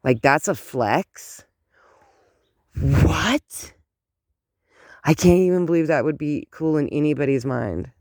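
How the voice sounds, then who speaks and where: A middle-aged woman ranting in a casual outdoor vlog, animated and indignant, rambling with many fillers, recorded on a handheld phone. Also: deep voice, normal speed, few pauses, no echo, studio quality. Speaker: vlogger. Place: outdoors in cold morning air.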